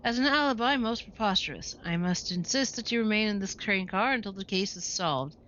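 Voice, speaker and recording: A woman's voice: mid-range voice, expressive, fairly bright tone, dull audio, a little hiss or hum, lightly acted. A woman doing a fussy, officious detective. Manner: clipped, officious, quick.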